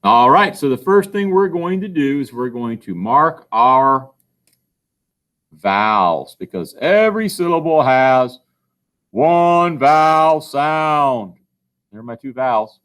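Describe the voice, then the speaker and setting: A man's voice: mid-range voice, sing-song, takes it slowly, fairly bright tone. A male teacher giving a phonics lesson, patiently asking questions and answering them himself. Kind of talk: recorded classroom phonics lesson.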